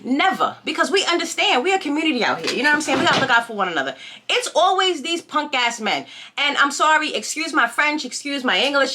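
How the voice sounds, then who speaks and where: A woman's voice: sits high, sharp tone. A young woman telling a storytime in casual, outspoken, slangy chat as a vlogger.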